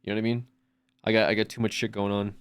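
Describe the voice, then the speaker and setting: A man's voice: on the low side, little pitch movement, quick pace, smooth. A man streaming from home, chatting casually in a rambling way with lots of restarts and swearing. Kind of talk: casual chat.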